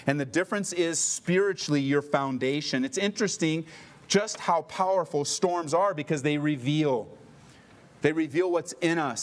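A man preaching a sermon, emphatic, asking the listeners questions, rising for stress and dropping low for solemn lines. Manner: asks the listeners rhetorical questions. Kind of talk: expository sermon.

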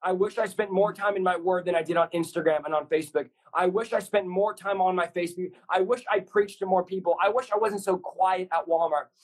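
A man's voice: high-pitched, steady tone, a little fast, hardly any pauses, breathy edge, poor audio. A man speaking as a guest on a podcast, preaching with intensity in short, repeated punchy lines. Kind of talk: fervent preaching in a podcast conversation.

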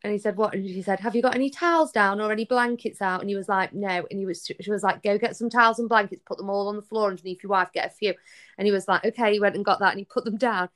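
A young woman with a medium-pitched voice speaks quickly as a podcast guest, telling her story in casual conversation and animatedly acting out the quoted dialogue.

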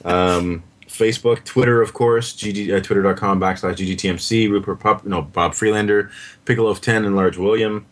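A man's voice: fairly low pitch, steady tone, normal speed. A man co-hosting a casual film podcast, rattling off sponsor codes and blog links between chuckles. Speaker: podcast co-host. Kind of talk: casual chat.

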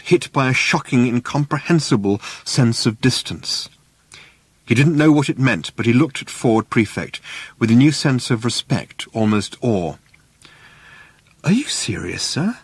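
Wry, animated male narrator. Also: medium pitch, no room sound. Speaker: audiobook narrator. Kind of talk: scripted narration.

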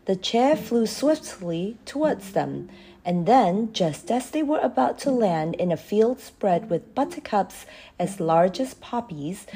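A woman reading a children's storybook aloud, expressive and measured. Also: mid-range voice.

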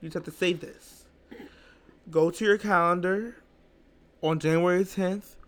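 A man's voice: sits high, fairly even intonation, a little slow, a bit bright. A man co-hosting a podcast in casual chat, playful and teasing as he hypes up listeners. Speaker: podcast co-host.

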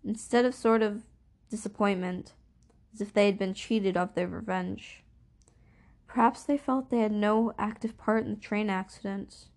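A woman reading a novel aloud as narrator, in a measured, steady storytelling voice. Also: mid-range voice. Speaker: audiobook reader. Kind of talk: scripted narration.

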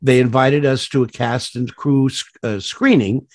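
A man's voice: medium pitch, fairly even intonation, measured pace, dry recording, clean studio sound. A man, a voice actor being interviewed, telling rambling anecdotes full of fillers and restarts, laughing at his own stories. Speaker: voice actor guest.

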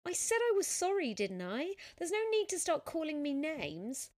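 A woman voicing a fed-up teenage schoolgirl in a storybook reading, talking fast and defensively. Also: high voice, a little mellow, voice pushed up. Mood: indignant. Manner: pleading, apologetic.

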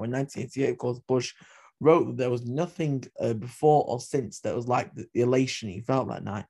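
A man's voice: mid-range voice, fairly quick, creaky, warm tone. A man hosting a history podcast, retelling events with passionate, opinionated asides. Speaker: podcast host.

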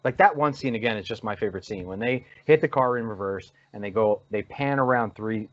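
A man's voice: fairly low pitch, brisk. A man gushing about a movie's camera work in a casual podcast chat. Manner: enthusiastic, gushing. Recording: dull lo-fi sound.

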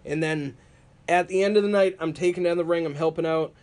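A man casually telling wrestling stories on a podcast, animated and laughing often. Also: fairly high pitch, brisk. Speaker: podcast co-host.

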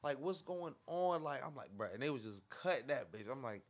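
Fast-talking man telling animated stories. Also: medium pitch, crowd noise. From Cleveland area. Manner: animated storytelling, acts out quotes in slang. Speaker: podcast guest. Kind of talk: casual chat.

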